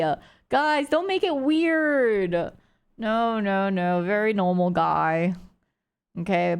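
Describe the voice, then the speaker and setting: A woman's voice: fairly low pitch, clear, resonant tone. Giggly young woman chatting on stream. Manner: chatty, giggly, full of "like" fillers. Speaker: livestreamer. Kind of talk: casual stream chat.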